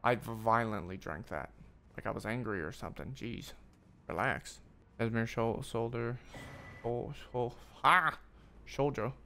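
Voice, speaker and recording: A man's voice: medium pitch, measured pace. A man streaming a video game, reacting aloud with sudden outbursts and swearing, often talking to the enemies on screen. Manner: excitable, swearing, talks to the game. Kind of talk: gaming commentary.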